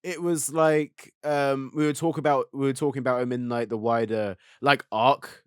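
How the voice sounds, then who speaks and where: A man's voice: mid-range voice, steady tone, normal speed, smooth, no room sound. Rambling casual podcast guy, dry sound. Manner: rambling, heavy on "like" fillers. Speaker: podcast co-host and editor. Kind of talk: casual chat.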